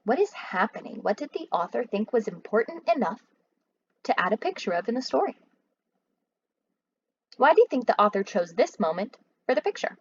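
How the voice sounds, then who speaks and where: A woman's voice: on the high side, very animated, moderate pace, pauses often, slightly rough, muffled recording. A woman teacher reading a children's book aloud expressively and asking her listeners questions.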